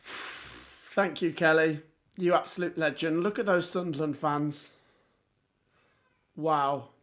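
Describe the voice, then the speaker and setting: A man hosting a live football watchalong, hoarse with his voice going, reacting in excited exclamations. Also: fairly high pitch, takes it slowly. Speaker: livestream watchalong host.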